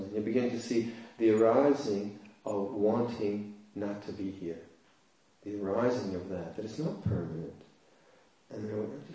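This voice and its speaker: Mellow-voiced monk in echoey hall. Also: male voice, on the low side, far from the mic. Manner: humorous, self-deprecating storytelling with frequent laughs. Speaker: Buddhist monk teaching. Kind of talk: dharma talk with personal anecdote.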